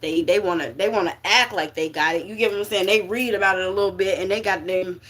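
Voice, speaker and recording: A woman's voice: mid-range voice, fast, fairly bright tone. A woman giving a casual spiritual reading to viewers, slangy and emphatic, often checking in with her listeners. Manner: slangy and emphatic, checks in with "okay?" and "you get what I'm saying?". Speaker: spiritual reader.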